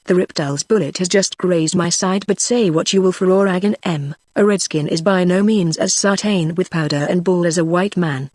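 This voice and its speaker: This is a synthetic audiobook reading in which a text-to-speech voice, natural-sounding and mid-range with a darkish tone, voices a young male frontier hunter. He speaks in an earnest, rustic backwoods dialect with a solemn mood, at a moderate pace with hardly any pauses. The audio is clean studio sound with no room sound.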